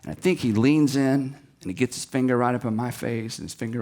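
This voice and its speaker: A pastor giving a sermon-style talk to seminary students. He tells stories with energy, acts out the people he quotes, and drops to a hushed voice for emphasis. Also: mid-range voice, brisk. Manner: animated storyteller who acts out quotes and drops to quiet emphasis.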